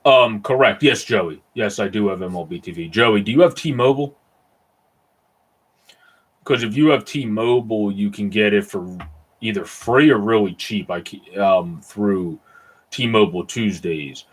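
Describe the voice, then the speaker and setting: A man's voice: on the low side, a little slow, breathy edge. A man doing amateur live play-by-play of a baseball game, casually rambling with fillers and answering chat.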